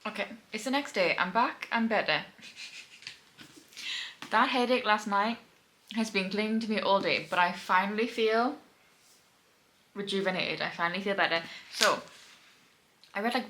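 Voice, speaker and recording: A young woman chatting casually in a bright, crisp voice as she records a reading vlog at home. She sounds tired and laughs often as she talks. A faint hiss of room noise sits under her voice. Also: medium pitch, normal speed, pauses often, low-quality recording. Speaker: book vlogger. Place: home indoors.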